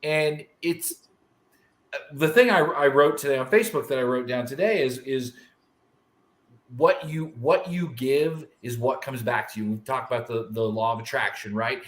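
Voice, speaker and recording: Animated co-host man, roomy echo. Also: medium pitch, normal speed. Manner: animated, chatty, calls his partner dude. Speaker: podcast co-host. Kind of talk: casual chat, personal storytelling.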